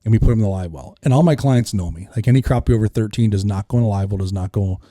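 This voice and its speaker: A man, a fishing guide telling a lively story on a podcast, acting out the voices of the people in it. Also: fairly low pitch, racing, dry recording, studio quality.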